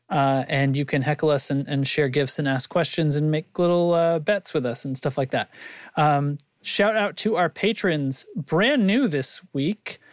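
Man, podcast host, casual chatter, fumbles names, slightly high voice, dry close sound. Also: no echo. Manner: rambling, stumbles over names and laughs at himself.

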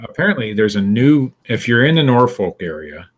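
A man's voice: medium pitch, big pitch swings, normal speed. A man co-hosting a podcast in casual chat, reading strange news stories aloud in a wry way and laughing now and then. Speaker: podcast co-host.

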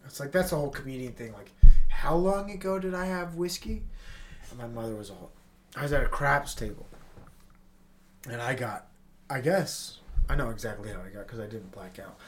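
A man's voice: medium pitch, brisk, fairly bright tone, a little hiss or hum. Rambling, swearing man with a stuffy nose. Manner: rambling, profane, laid-back. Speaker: podcast host. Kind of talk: casual solo podcast chat. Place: apartment with tenants upstairs.

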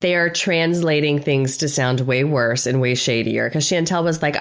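A low-voiced woman talks as a podcast guest, animated and sarcastic, jumping into quoted voices. Her delivery is casual and quick to joke. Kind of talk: casual recap chat.

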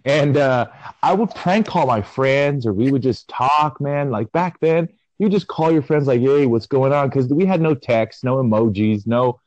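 A man in his forties co-hosts a casual audio chat. He muses out loud, rambling and reflective, and drags his phrases into long pauses. The sound is dull and lo-fi, recorded close and dry. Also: mid-range voice, lively intonation, no echo. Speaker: podcast co-host.

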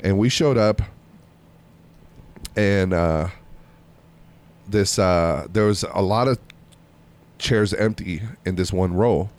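A man's voice: deep voice, takes it slowly, pauses often, a little mellow. A man casually telling a long story among friends, rambling with many fillers and restarts.

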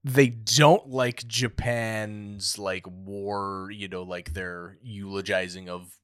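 A man co-hosting a casual podcast, relaxed and laughing often, swearing in passing. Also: on the low side, slow, hardly any pauses, clear, resonant tone, no echo, clean studio sound. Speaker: podcast co-host. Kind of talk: casual chat.

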